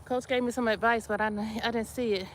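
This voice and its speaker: A woman, talking to her live stream viewers as she works out. Her voice sits a little high, and she talks loosely with plenty of laughs and exclamations while she squats. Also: fairly even intonation, fast, a little hiss or hum. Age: 50s. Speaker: livestream host. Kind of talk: casual live exercise chat.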